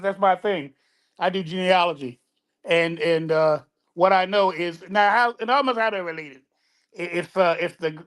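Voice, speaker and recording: A man's voice: sits high, a bit bright. A man on a casual talk show, stammering and repeating words as he explains things.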